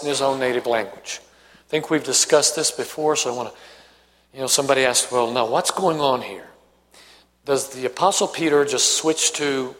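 In a large hall, a Tennessee man with a faint Southern accent speaks in a medium-pitched voice. He leads a conversational Bible study, asking questions and reading scripture out loud.

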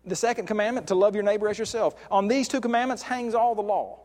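High-voiced preacher in reverberant hall. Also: male voice, a little mellow. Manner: conversational, with frequent restarts and slow stressed words. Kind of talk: sermon.

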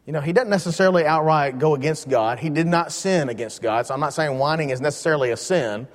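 A man teaching a Bible lesson in a relaxed, joking way, leaning hard on key words. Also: a little high, fast talker, in a large hall.

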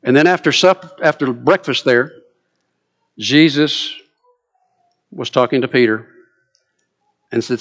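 A man's voice: mid-range voice, takes it slowly, pauses often, a bit bright. A man preaching a sermon, retelling a story with drama and vivid asides.

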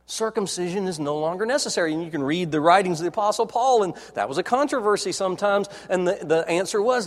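A man preaching a sermon in a dramatic way, dropping to soft, low tones as he retells scenes. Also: expressive, fast, hardly any pauses, big-room sound. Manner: dramatic, acts out quoted dialogue, drops to soft low tones.

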